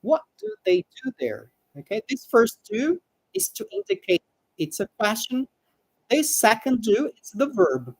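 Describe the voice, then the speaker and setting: A woman teaching a live online English lesson, patiently repeating words slowly for pronunciation. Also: fairly high pitch, wildly swooping pitch, husky, no room sound, poor audio.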